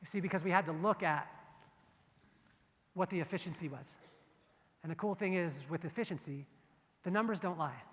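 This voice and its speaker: A man giving a motivational keynote speech, telling stories in an animated way and acting out the dialogue. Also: fairly high pitch, normal speed, pauses often, in a large hall. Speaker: keynote speaker. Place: large event hall.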